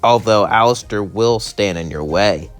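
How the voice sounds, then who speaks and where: A man's voice: on the low side, measured pace, soft background music, natural voice. A man voicing a boastful middle-aged father figure who talks offhandedly. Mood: smug.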